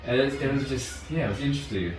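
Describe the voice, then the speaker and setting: Fast-talking man, roomy distant sound. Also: medium pitch, over music. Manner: rambling, swears freely, laughs often. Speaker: martial arts instructor guest. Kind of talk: casual storytelling in conversation. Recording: roomy, distant mic, background noise.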